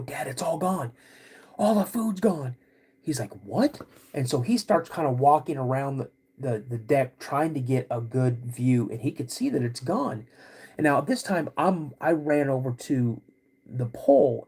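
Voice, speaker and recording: A podcast host telling a personal story in a halting, casual way, with many restarts. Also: male voice, medium pitch, mellow, husky.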